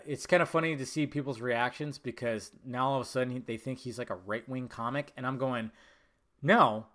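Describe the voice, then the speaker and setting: A podcast host runs his show solo, his medium-pitched voice carrying a fairly bright tone. He talks casually and rambles, swearing and laughing often.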